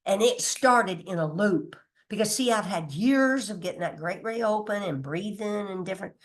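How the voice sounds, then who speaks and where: Using a mid-range voice at a moderate pace, a woman gives a chatty, emphatic spiritual teaching, with frequent laughter and mild swearing. She sometimes reads from her notes and sometimes loses her place and starts over.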